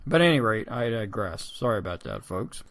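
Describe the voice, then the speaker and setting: A man's voice: on the low side, big pitch swings, brisk, creaky, a bit bright. Sarcastic man hosting a political podcast. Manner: sarcastic, digressive, addresses listeners as folks. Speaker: podcast host. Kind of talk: political commentary monologue.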